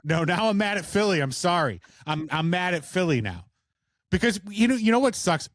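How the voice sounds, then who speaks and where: A man's voice: high voice, big pitch swings, brisk, no echo. A man co-hosting a casual chat, ranting with heavy swearing. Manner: profane, ranting. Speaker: podcast co-host.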